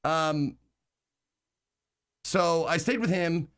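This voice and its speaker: Male streamer, casual chat, rambling delivery with many fillers and casual swearing, slightly high voice. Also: expressive, normal speed. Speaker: live streamer.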